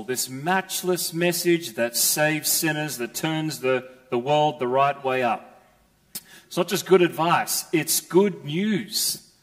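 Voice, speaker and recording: A man preaching a sermon as pastor, earnest and emphatic, often restarting his phrases. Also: fairly high pitch. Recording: long hall reverb.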